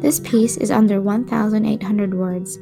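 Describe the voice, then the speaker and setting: Gravelly-voiced woman reading fan fiction. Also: medium pitch, fairly even intonation, moderate pace, music in the background. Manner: soft, breathy storytelling with whispered stretches. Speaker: podcast host.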